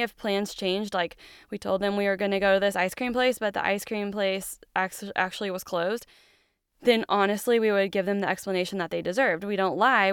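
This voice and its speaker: A woman in her thirties hosting a solo parenting podcast, talking in an earnest, gentle, reassuring way and acting out quick lines she says to her kids. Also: medium pitch, clear, resonant tone, dry recording, studio quality. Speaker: podcast host.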